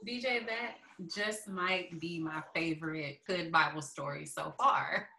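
A woman's voice: sits low, unhurried, vocal fry, pushed and bright, reverberant, poor audio. A woman co-hosting a casual chat show, amused and chatty. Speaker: podcast co-host.

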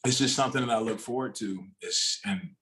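A man's voice: fairly low pitch, brisk, a bit bright, soft background music. A man talking as a podcast guest in a casual, rambling way, with loose, restarting sentences. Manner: rambling, many fillers and restarts.

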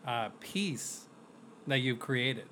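A man's voice: mid-range voice, lively intonation, drawn-out words, a bit bright, a little hiss or hum. A man co-hosting a casual podcast, making short, dry, teasing remarks. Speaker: podcast co-host.

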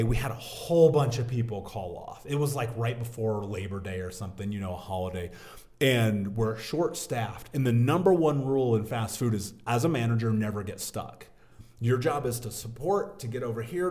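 Male guest, 30s, animated storyteller, casual interview delivery, mid pitch. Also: moderate pace. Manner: animated storyteller, says "dude" and "man". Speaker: podcast guest, business owner.

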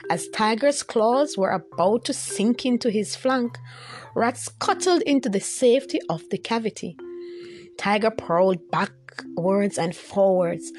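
A woman narrating a folktale in an expressive, lively storytelling manner. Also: mid-range voice.

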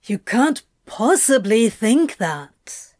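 A woman's voice: fairly high pitch, very animated, extremely slow, a little mellow, dry recording, soft background music, heavily acted. Crowley, a sweary, insistent demon, read by a woman. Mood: insistent, exasperated. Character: swearing, exasperated male demon, devoted lover. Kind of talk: audiobook fan fiction reading.

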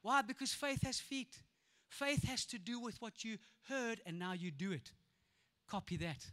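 High, bright South African pastor preaching. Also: male voice, unhurried. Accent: South African English. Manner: animated and playful, acts out voices, laughs often. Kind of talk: lively sermon. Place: church auditorium. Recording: echoey church hall.

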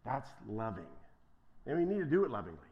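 A man preaching an emphatic sermon as pastor, swinging from quiet asides to loud, impassioned declarations. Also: mid-range voice, very animated, fast talker, lo-fi sound.

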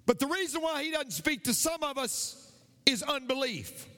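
A man's voice: extremely high pitch, moderate pace, pushed and bright, in a large hall. A male pastor preaching a sermon, repeating his points with emphasis.

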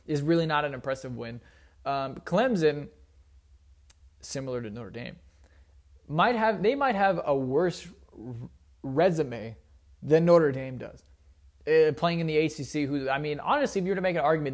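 A young man giving casual, opinionated solo sports talk as a commentator, rambling with frequent fillers. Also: a little high.

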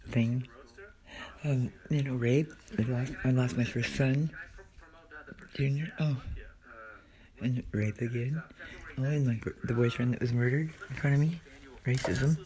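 A man's voice: mid-range voice, measured pace, long pauses, a little mellow. A man hosting his own podcast, talking in a rambling, scattered, confessional way in a casual monologue. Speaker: podcast host. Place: friend's house in the country.

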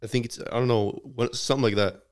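A man's voice: mid-range voice, fairly even intonation, fast talker, smooth. A young man, a podcast guest, chatting in a laid-back, slangy way and swearing casually. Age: young adult. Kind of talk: casual chat.

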